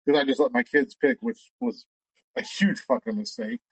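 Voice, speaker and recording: Lively high-pitched man with a gravelly edge. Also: moderate pace, no echo, rough recording. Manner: rambling storyteller, stammers and restarts, swears freely. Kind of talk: casual chat.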